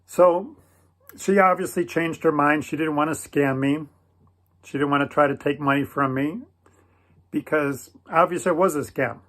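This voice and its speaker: Male storyteller, higher-pitched, earnest and gentle, preacherly cadence. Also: moderate pace. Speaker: Christian video creator. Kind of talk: personal storytelling.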